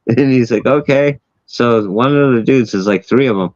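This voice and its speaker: A man's voice: mid-range voice, moderate pace, a little mellow, dry recording. A man hosting a casual chat, telling a wild story with lots of swearing and laughing at his own punchlines. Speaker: host. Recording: dull lo-fi sound, dry.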